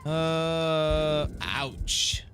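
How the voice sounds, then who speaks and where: A man's voice: fairly high pitch, very slow, fairly bright tone, soft background music. A young man playing a game on video, reading its text aloud and reacting with laughs and groans at failed rolls. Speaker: gaming video creator.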